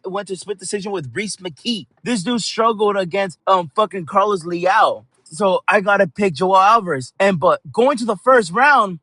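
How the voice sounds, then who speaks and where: A man with a fairly high voice gives a heated, foul-mouthed fight recap as host of his channel. He swears constantly and rambles from one thought to the next. The sound is dry and close, with no room around it. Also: moderate pace, few pauses, bright, forceful tone, dry recording.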